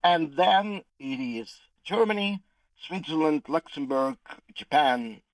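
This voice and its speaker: A man's voice: on the high side, lively intonation, slow, no room sound, low-quality recording. Hesitant man explaining finance, dry sound. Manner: hesitant, many "uh" fillers, careful explaining. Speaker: economist guest. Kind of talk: explanatory interview answer.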